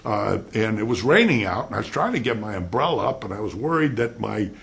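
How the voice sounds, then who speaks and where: A man's voice: on the low side, big pitch swings, brisk, creaky, a bit bright, exaggerated voice. A man acting out a rambling, evasive male witness during a lecture. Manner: rambling, meandering excuses.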